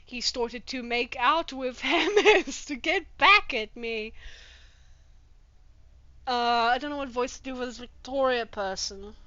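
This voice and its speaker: A woman's voice: high-pitched, slow pace, bright, forceful tone, no echo, highs cut off. A woman hosting a comedic reading of fanfiction with her own commentary, speaking in a profane, sarcastic and exasperated manner. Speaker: host reading fanfiction aloud.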